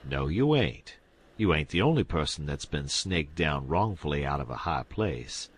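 A man's voice: extremely low pitch, sing-song, moderate pace, breathy edge, pitched below the performer's own voice, full character voice. A man playing a sly, sobbing old con-man king. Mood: mournful. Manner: folksy, sobbing, rustic grammar.

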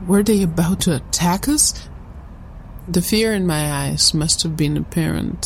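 Female narrator, low and unhurried, solemn measured storytelling, faint noise behind. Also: gravelly, darkish tone, poor audio. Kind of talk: scripted first-person storytelling.

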